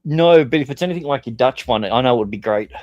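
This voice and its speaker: A man chatting casually on a call with a streamer friend and making dry, deadpan jokes. His voice sits at a middle pitch and sounds dry and close. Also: quick pace, no room sound, muffled recording. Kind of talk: casual chat.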